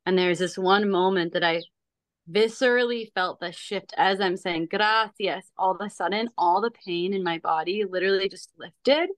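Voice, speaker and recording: A woman sharing a personal story in relaxed podcast conversation, earnest and emphatic, now and then breaking into laughter. Her voice sits at a middle pitch and is recorded close and dry, with no room sound. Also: normal speed, no room sound. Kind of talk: casual chat.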